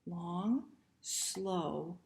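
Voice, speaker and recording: A woman librarian reading a picture book aloud to children, gentle and soft-spoken, often dropping into a hushed near-whisper and asking the children questions. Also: on the low side, very slow, creaky, slight background noise.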